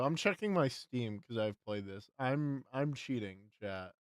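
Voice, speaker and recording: A man's voice: medium pitch, normal speed, few pauses, no echo, clean studio sound. A young man live-streaming, chatting to his viewers as he guesses games, muttering and swearing at misses. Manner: hums game tunes under his breath.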